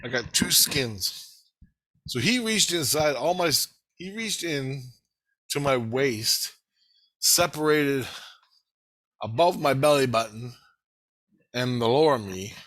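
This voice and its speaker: A man telling a rambling, profane story in a casual monologue, laughing and animated as he retells it. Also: medium pitch, slow, long pauses.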